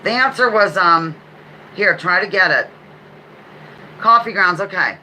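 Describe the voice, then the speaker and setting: A woman's voice: mid-range voice, a little slow, sharp tone, a little hiss or hum, rough recording. A woman hosting a casual live-stream trivia game, reading out questions and answers with playful asides. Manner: chatty, playful asides, reads questions aloud. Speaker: livestream trivia host.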